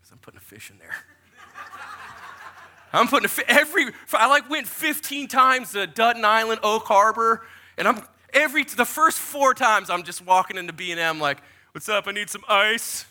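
Male pastor, forties, high voice, sermon, animated storytelling. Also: normal speed. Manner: animated, jokey storyteller who acts out quotes.

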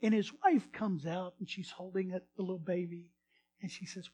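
Animated high-voiced pastor. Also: male voice, moderate pace, slight background noise. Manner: animated, swings from loud to hushed. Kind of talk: storytelling sermon.

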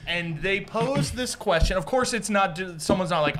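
Storytelling podcast guy, slightly high voice. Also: expressive, normal speed, background noise. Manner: storytelling, acts out friends' voices. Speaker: podcast co-host. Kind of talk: casual podcast banter.

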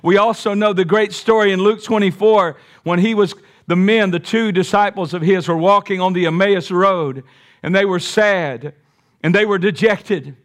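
Man preacher, fairly high voice, emphatic, folksy sermon with jokes. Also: moderate pace. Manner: emphatic, folksy, with joking asides.

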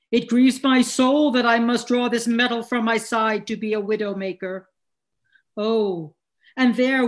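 Grieving noble English lord, read by a woman, Shakespeare read-through, earnest verse, fairly high voice. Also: close to an everyday voice. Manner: earnest, sorrowful verse reading.

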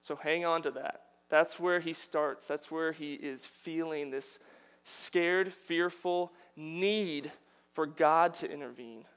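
A man's voice: on the high side, takes it slowly, fairly bright tone, clean tone. A man preaching a sermon, earnest and building to emphatic declarations.

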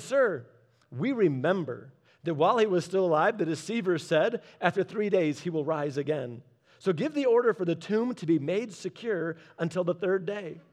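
A man preaching a sermon in a conversational way, adding humorous asides and dropping quiet and slow for the solemn points. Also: high-pitched. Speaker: pastor.

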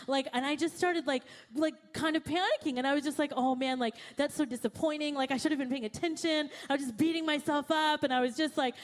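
Young woman pastor, high voice, animated storytelling sermon, acts out her own quotes.

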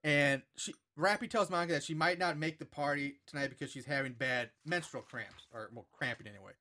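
A man's voice: on the high side, brisk, bright, forceful tone. A rambling, swearing man recapping a film. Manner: rambling, profane, filler-heavy. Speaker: podcast co-host recapping a movie. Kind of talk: casual chat.

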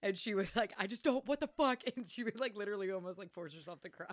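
A woman's voice: mid-range voice, lively intonation, quick pace. A young woman co-hosting a casual podcast, chatting with friends. She laughs a lot and swears freely, in an ordinary mid-range voice. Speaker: podcast co-host. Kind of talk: casual chat.

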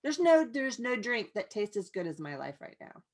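A middle-aged woman talks over a video call as a podcast guest. She tells her story with a lot of expression, laughing often and voicing her past thoughts aloud, in a voice of ordinary pitch. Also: very animated, normal speed. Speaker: guest, painter in recovery. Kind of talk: casual podcast interview.

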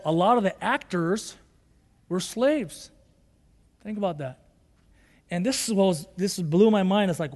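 High-voiced earnest male pastor preaching. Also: creaky. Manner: earnest, rising to fervent emphasis and shouts. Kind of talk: sermon. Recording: long hall reverb.

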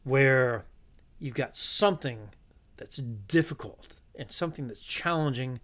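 A man's voice: medium pitch, unhurried, fairly bright tone. A middle-aged man, a podcast guest, speaking in a reflective, philosophical way and thinking aloud. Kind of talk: casual conversation.

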